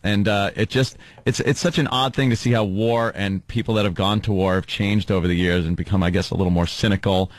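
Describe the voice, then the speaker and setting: A man's voice: on the low side, fairly even intonation, fairly quick, no room sound. A man hosting a casual chat, talking in a rambling, hesitant way with many fillers. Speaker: host.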